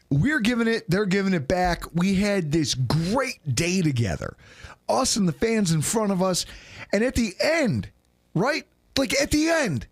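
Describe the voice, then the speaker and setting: A man co-hosting a casual podcast, excitedly telling stories and acting out the people he quotes. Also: high voice. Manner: animated, excitable storyteller who acts out quotes. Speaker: podcast co-host. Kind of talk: casual chat.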